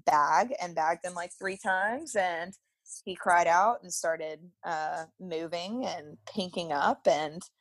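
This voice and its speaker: A woman's voice: on the low side, slow pace, no room sound. Chatty woman, dry close sound. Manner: chatty, peppered with "like", laughs often. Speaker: podcast guest. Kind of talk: casual storytelling.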